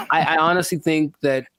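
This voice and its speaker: A man's voice: on the high side, fairly even intonation, normal speed, a bit bright, no room sound. A young man co-hosting a casual podcast, rambling and wry, often restarting his sentences. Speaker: podcast co-host.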